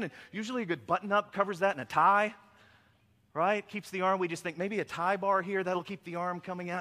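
A man preaching a sermon as a pastor, talking in a conversational, animated storytelling way with frequent "right?" asides. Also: high voice, quick pace. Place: church sanctuary. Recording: long reverb of a large hall.

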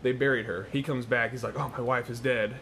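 A young man in casual chat, telling a story with animated bursts and loud laughing exclamations. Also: medium pitch, a little fast, a little hiss or hum.

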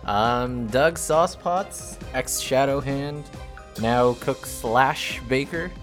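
A man's voice: mid-range voice, takes it slowly, faint music behind. A man playing in a tabletop game podcast, introducing his character in a playful, laughing way. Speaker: player. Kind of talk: casual tabletop game chat.

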